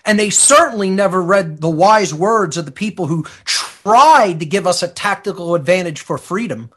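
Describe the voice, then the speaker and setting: A man speaking as a guest on a talk radio show, ranting forcefully and emphatically. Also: high voice, expressive, normal speed, breathy edge.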